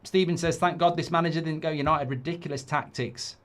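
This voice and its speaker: A man's voice: fairly high pitch, fairly even intonation, brisk, fairly bright tone. Exasperated man ranting at a football match. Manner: exasperated, swearing, ranting at the game; reads viewer comments aloud. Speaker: host of a football watchalong. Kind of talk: live match reaction chat.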